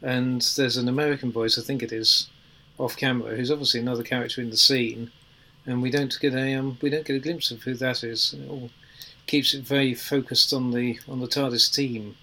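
A man's voice: medium pitch, fairly even intonation, brisk, pushed and bright, poor audio. A man on a podcast panel chatting casually, weighing his opinions with ums and qualifiers. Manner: thoughtful, qualifying opinions with fillers.

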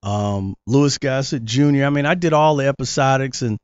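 A middle-aged man, a former child actor appearing as a guest, tells stories in a casual interview and animatedly acts out the voices of the people he quotes. His voice is smooth and medium-pitched at a moderate pace, captured in a lo-fi, dry recording with no room sound.

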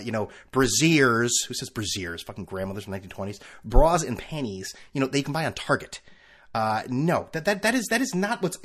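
A man from the United States rants into his podcast mic. His voice swings widely in pitch, and he swears freely and sarcastically while stumbling over restarts. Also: a bit bright. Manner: profane, sarcastic, rambling with frequent restarts. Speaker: podcast host. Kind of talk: casual ranting monologue.

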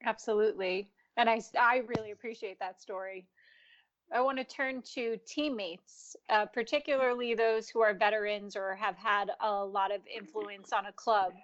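A woman interviewing a guest, asking measured questions. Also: mid-range voice, steady tone, fairly bright tone. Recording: dull lo-fi sound.

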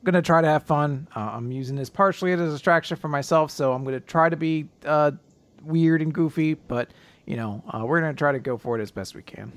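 A grieving man co-hosting a podcast, talking casually in a subdued, halting way with nervous laughs. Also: fairly high pitch, no echo. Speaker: podcast co-host.

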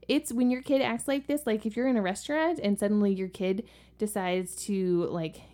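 Her voice is mid-range and mellow. A podcast co-host and mother, she tells family stories casually and chattily, her speech heavy with fillers like "like" and "um."

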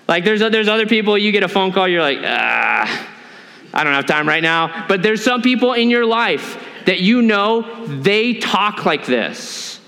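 A man's voice: high voice, a bit bright, big-room sound. A male pastor preaching a sermon in a church, earnest and often asking the congregation questions. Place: church sanctuary.

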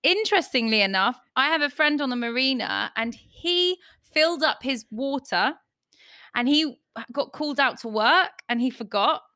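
Woman host, chatty storyteller, bright tone, dry close sound. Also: high voice, animated, normal speed, dry recording. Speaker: host and judge. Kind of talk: casual podcast chat.

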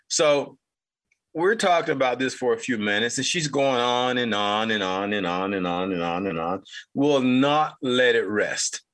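Bright-voiced fifties man telling a story. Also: mid-range voice, unhurried. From North Carolina, United States. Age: 50s. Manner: rambling, repetitive, chuckling anecdotal delivery. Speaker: podcast host. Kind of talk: casual storytelling monologue.

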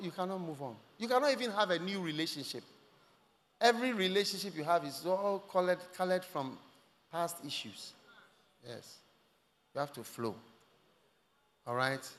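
A man preaching in a large church hall, his voice high and bright. He moves freely between hushed, close asides and loud, ringing exclamations. A long reverb trails after every line. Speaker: pastor. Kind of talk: sermon.

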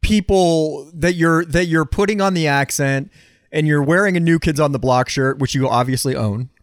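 A man's voice: on the high side, moderate pace, no echo, clean studio sound. A man co-hosting a podcast, talking in blunt, teasing, profane comedic chat. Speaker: podcast co-host.

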